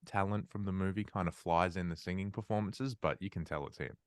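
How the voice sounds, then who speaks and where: A man's voice: sits low, a little fast, no room sound. A man, a guest chatting casually on a podcast with dry, laid-back humor. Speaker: guest, metal musician. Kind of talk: casual chat.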